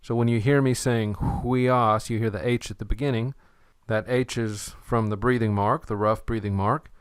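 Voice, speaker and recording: Slow, patient male language teacher. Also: medium pitch, a bit bright, smooth, no room sound, clean studio sound. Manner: slow, patient, repeats words for the learner. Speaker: Greek teacher. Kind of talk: recorded language lesson.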